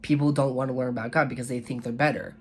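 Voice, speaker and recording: A young man leads a relaxed online Bible study, reading scripture aloud and then talking it through in his own words. His voice sits at an ordinary middle pitch, and he comes across as earnest and sincere, often restarting a phrase to say it better. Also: quick pace, slight background noise. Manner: earnest, with frequent self-corrections and restarts. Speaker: YouTube Bible study host. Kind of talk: casual Bible reading and devotional commentary.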